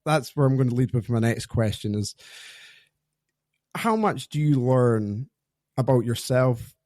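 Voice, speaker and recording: Podcast host guy in his 30s, mellow voice, kinda hesitant, lots of restarts. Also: medium pitch, animated, unhurried, no room sound, studio quality. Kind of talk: interview conversation.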